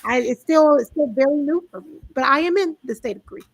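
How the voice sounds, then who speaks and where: Animated high-voiced woman, emphatic. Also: brisk, a little hiss or hum. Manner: animated and emphatic, with rising outbursts. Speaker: host of a live wellness talk. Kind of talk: casual motivational talk.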